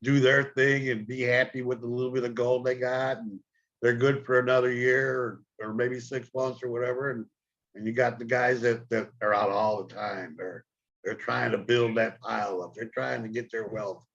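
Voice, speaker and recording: A man's voice: mid-range voice, flat delivery, normal speed, a bit bright. An older man hosting a live chat, with a mid-range voice. He rambles folksily, stumbling over repeated words, and his audio comes through dull and lo-fi. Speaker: host. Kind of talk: casual chat on a livestream.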